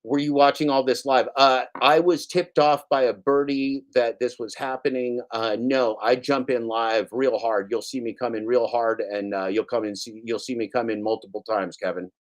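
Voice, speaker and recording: A male streamer rants through his live-stream commentary, sarcastic and rambling. His delivery jumps from scoffing to storytelling without pause. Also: mid-range voice, steady tone. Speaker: streamer host.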